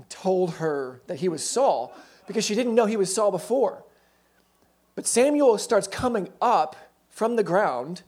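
A man preaching a sermon, telling the story conversationally with quick asides and self-corrections. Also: high-pitched, animated, darkish tone.

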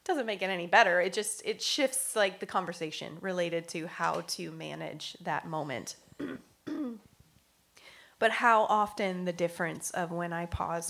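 A woman's voice: lowish voice, moderate pace, creaky, a bit bright. A woman talking earnestly about faith and prayer, thinking aloud, laughing often and sometimes dropping to a near whisper. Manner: thinks aloud with fillers and restarts. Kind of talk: reflective faith talk.

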